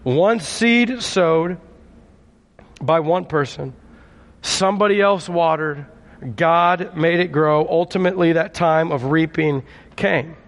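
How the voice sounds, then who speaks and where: In a large hall, a man with a slightly high voice delivers a slow, conversational sermon. As a pastor, he keeps prompting his congregation for responses.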